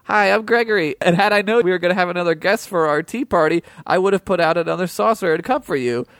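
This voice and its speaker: A man voicing a timid, fussy little booger boy who talks softly and eagerly. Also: high-pitched, fast talker, no room sound, clean studio sound, voice pushed up.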